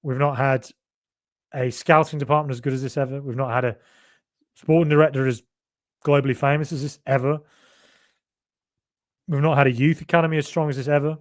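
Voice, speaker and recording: The man speaks a little fast in a mid-range voice with fairly even intonation and long pauses. A Brummie podcast host from Birmingham, England, he chats loosely on a casual live-stream, reading out viewer comments and rambling with lots of fillers and asides.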